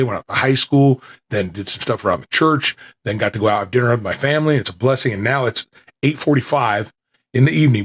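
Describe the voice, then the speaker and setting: A man hosting a small podcast, chatting casually with restarts, then reading an old lecture aloud, his voice still recovering. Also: mid-range voice. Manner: rambling and self-deprecating, with restarts.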